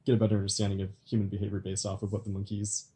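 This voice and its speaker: A man co-hosting a casual podcast, talking through films he saw in a relaxed, halting way. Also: fairly low pitch, slight background noise. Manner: relaxed, halting with restarts and fillers. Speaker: podcast co-host. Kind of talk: casual film review chat.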